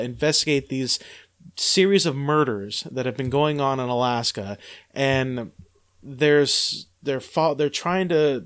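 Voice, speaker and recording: Casual male podcast host, rambling and filler-heavy, a bit high-pitched. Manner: rambling, many fillers and restarts.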